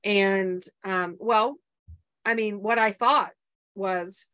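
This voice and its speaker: A middle-aged woman who coaches mothers appears as a podcast guest, earnestly sharing a painful personal story in an interview, halting and restarting often. Her mid-range voice is steady and a bit bright, with the highs cut off.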